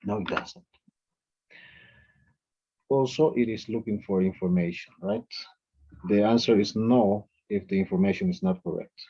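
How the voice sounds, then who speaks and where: Male English teacher, warm and husky, reading example sentences to a class, dull lo-fi sound. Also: fairly low pitch, animated, measured pace, pauses often. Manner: explains by reading out example sentences, calls on students. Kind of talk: classroom grammar lesson.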